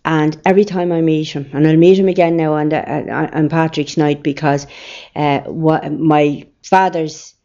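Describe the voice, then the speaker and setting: Speaking in a low, dark voice with a level tone and moderate pace, an older Irish woman offers rambling family anecdotes. It's an oral history interview, and the recording quality is dull and lo-fi.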